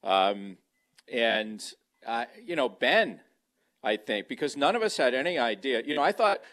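A man with a medium-pitched, sing-song voice speaks unhurriedly in a fairly bright tone. He's a guest on sports talk radio, calling in from home beside a kitchen and chatting casually about football on a handheld remote mic, rambling and restarting often.

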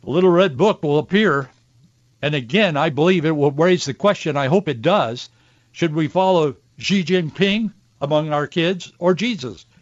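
Fired-up preachy radio host guy, pretty high voice, dead dry muffled mic. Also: moderate pace, dry recording. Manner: earnest and preachy, growing emotional. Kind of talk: impassioned Christian radio commentary. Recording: dull, dry studio sound.

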